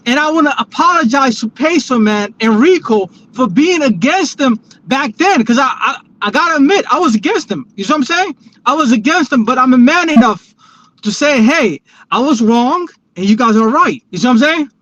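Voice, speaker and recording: A man's voice: extremely high pitch, expressive, moderate pace, a bit bright, highs cut off. A man joining a casual livestream panel, speaking in a loose, apologetic way and repeating his phrases. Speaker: panel guest.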